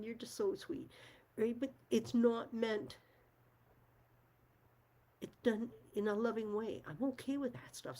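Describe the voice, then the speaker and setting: Frank woman with a dark husky voice. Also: lowish voice. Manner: frank, emphatic, swears, laughs often. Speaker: channel host. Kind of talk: casual talk to camera.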